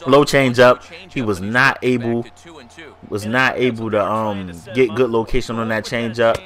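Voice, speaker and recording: A man's voice: medium pitch, fairly even intonation, measured pace, a bit bright. Stuffy-nosed man hyping his own gameplay. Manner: hyped, slangy, talks to viewers. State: stuffy nose from allergies. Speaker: gaming YouTuber. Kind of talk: casual gameplay commentary.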